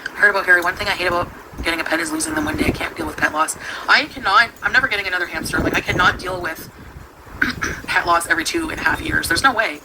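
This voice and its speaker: A young woman rambles through a casual home livestream. She talks loosely, piles up fillers and breaks into short laughs. The stream recording carries clear background noise. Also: lowish voice, quick pace. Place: at home with her pets.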